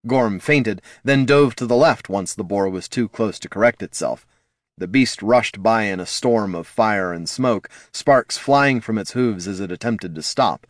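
A man narrating a fantasy audiobook in a measured storytelling manner. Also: on the low side, dry recording, studio quality. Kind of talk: scripted narration.

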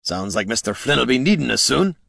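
Guy voicing a gruff grouchy dwarf, short folksy lines, dry close sound. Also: mid-range voice, sing-song, a little fast, a bit bright, no room sound, voice pushed up, exaggerated voice. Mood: gruff amused. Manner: gruff, terse, folksy dialect. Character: gruff male dwarf warrior, grumpy.

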